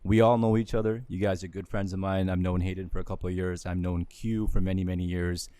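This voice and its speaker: Man, podcast host, very deep voice, dry close mic, easygoing, asks questions, casual chat. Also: little pitch movement, fast, mellow, smooth, dry recording. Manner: easygoing, steers the talk with questions. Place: indoors at a distillery.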